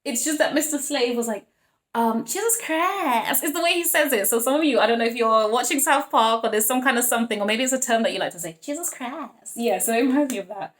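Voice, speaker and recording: A woman's voice: a little high, fast, hardly any pauses, roomy sound. A woman giving a casual tarot reading, chatty and blunt, swearing freely as she talks to her viewers. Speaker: tarot reader.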